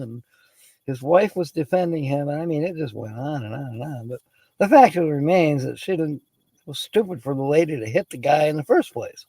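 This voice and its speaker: A man's voice: a little high, expressive, normal speed, creaky, a little mellow, slightly rough, no echo, poor audio. A man hosting a livestream, reading word origins aloud, chatting casually, laughing often and greeting viewers by name. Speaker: livestream host.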